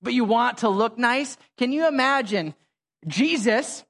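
A pastor preaching a sermon in a conversational, animated way, full of slang and asides. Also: male voice, very high voice, a little slow. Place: church.

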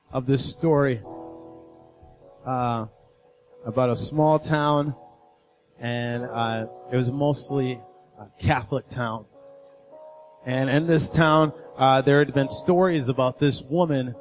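A man's voice: medium pitch, darkish tone. A male guest speaker preaching a sermon in a church, telling a story and urging the congregation to confess and forgive. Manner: storytelling preacher, rising intensity, urgent appeals. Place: church sanctuary.

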